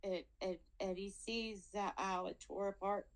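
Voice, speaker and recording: A woman's voice: mid-range voice, fairly even intonation, rough recording. A woman speaking on a video call at a hearing, pleading for her father, often repeating words and fighting tears. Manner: halting, repeats words, tearful. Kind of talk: emotional plea over a video call.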